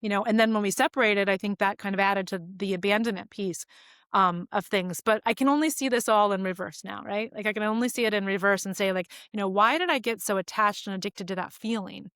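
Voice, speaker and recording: Woman, 40s, podcast guest; candid, reflective storyteller; mid-pitched voice; dry close sound. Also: fairly even intonation, fast talker, a bit bright, clear, resonant tone, dry recording. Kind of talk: casual conversation.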